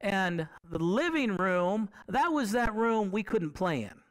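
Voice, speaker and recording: A male preacher with a high voice that swings widely as he preaches. He talks to the congregation like in a conversation, keeps asking them questions and repeats phrases for emphasis. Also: takes it slowly. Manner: animated, conversational, asks the congregation rhetorical questions. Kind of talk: sermon.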